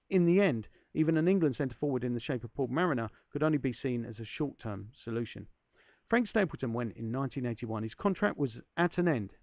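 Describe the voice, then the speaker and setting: Gravelly-voiced man reading with chatty asides. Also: a little high, no echo, highs cut off. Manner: self-deprecating, addresses listeners directly. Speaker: podcast host.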